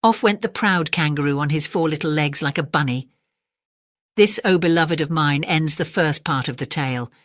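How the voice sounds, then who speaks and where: A woman's voice: sits low, moderate pace, no room sound, clean studio sound. A woman narrating a bedtime story in a rhythmic, chant-like reading of repeating refrains.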